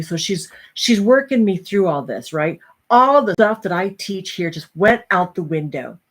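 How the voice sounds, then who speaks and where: Middle-aged woman host, low-pitched, animated storyteller. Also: moderate pace, few pauses. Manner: animated storytelling, acting out other voices. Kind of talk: personal story to an audience.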